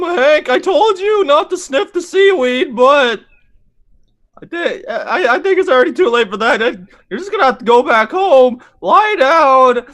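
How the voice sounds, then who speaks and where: A woman's voice: sits high, fairly bright tone. A woman playing a tabletop role-playing game, chatty and goofy, rambling as she describes her character's actions. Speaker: player.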